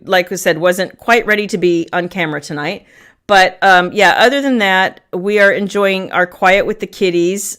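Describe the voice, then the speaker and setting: A middle-aged woman hosting a casual livestream from her family room, chatting warmly with viewers and greeting them by name between frequent ums. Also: on the low side, clear, resonant tone. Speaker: livestream host.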